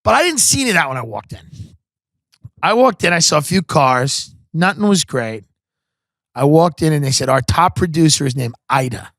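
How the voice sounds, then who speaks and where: A man with a fairly high voice tells a comedic story on his podcast, animated and profane. He jumps in and out of impressions, recorded close on a dry studio mic. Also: normal speed, pauses often, no room sound. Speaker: podcast host.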